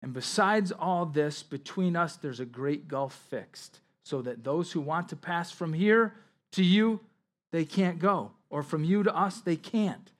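A man delivering a sermon in a somewhat high voice. He reads scripture passages aloud, then explains them in his own words, pressing hard on key points. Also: lively intonation, a little slow. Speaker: pastor.

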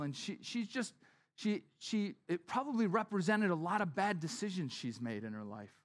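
Conversational male preacher, slightly high voice. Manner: conversational storytelling, often dropping to a soft, hushed tone. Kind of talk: sermon.

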